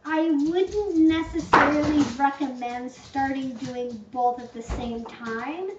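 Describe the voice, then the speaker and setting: Woman livestream host, chatty and rambling, fond of hyperbole; distant mic, dull boomy sound. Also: steady tone, takes it slowly, heavy background noise. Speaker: channel host answering viewer questions. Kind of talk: casual livestream Q&A. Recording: echoey room, distant muffled mic.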